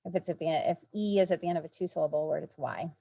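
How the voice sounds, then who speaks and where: Lower-voiced woman teacher presenting. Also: rapid-fire, gravelly, mellow. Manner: explains step by step with fillers. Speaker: first grade teacher. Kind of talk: presenting in an online meeting.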